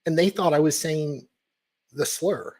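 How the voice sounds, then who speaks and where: Husky low woman co-hosting a stream, jokey and stubborn. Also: a little slow, a little mellow. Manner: stubborn, joking. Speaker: stream co-host. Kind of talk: casual live-stream chat.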